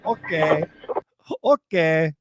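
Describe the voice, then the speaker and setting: A man co-hosting a podcast, telling a true crime story in an animated, joking way and laughing often. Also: fairly high pitch, very slow, noisy background. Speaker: podcast co-host. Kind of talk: casual storytelling chat about true crime.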